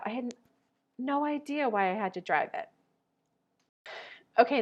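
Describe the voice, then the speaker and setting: Chatty, animated woman coach. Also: on the high side. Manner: chatty and animated, acts out quoted voices. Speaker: life and manifestation coach. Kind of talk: casual talking-head vlog.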